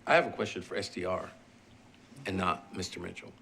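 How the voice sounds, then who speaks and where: Man, commissioner, halting questions, low voice, faint hiss. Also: vocal fry, bright, forceful tone. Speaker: commission member. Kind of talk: questioning at a hearing.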